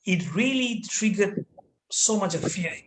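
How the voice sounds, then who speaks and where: A man telling a personal story as a trainer, animated and dramatic with hesitant fillers, over a video call. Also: high voice, unhurried, noisy background. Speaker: corporate trainer.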